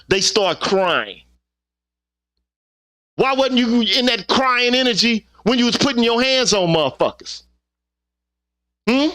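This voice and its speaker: A man's voice: sits high, sharp tone. Emphatic, profane man ranting. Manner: emphatic, profane, repetitive rhetorical questions. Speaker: channel host. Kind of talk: opinion rant monologue.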